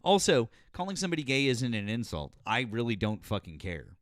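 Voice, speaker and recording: Male call-in host, combative, swears freely, swings between shouting matches and low muttering; mid-pitched, dry close sound. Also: brisk, no room sound. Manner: yells and swears at a caller, then calms into low muttering. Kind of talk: heated call-in debate.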